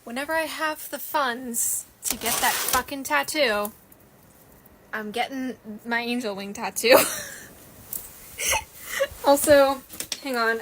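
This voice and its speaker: Woman reacting to a TV show, gushing, emotional, chatty, higher voice, a little distant from the mic. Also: background noise. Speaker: reaction video creator. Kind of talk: casual reaction commentary.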